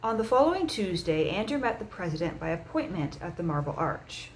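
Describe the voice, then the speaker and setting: A woman from Canada reading a classic novel aloud as narrator, in a steady, clear reading voice. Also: lowish voice, brisk, slight background noise, low-quality recording. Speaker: audiobook narrator. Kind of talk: scripted narration.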